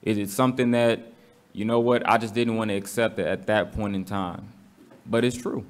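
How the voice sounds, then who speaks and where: A man's voice: lowish voice, steady tone, moderate pace. Man, Bible study teacher, casual slangy speech, questions to the room, conversational. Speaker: congregation teacher.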